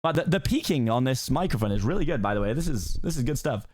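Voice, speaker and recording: A man's voice: mid-range voice, animated, fast talker, a little mellow, husky. A tipsy young British man chatting on a live stream in a rambling, giggly way. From Britain. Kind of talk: casual chat on a live stream.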